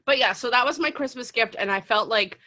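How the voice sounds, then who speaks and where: Chatty bright-voiced female podcast co-host. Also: on the high side, fairly quick. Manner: chatty, lots of "like" fillers. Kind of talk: casual chat.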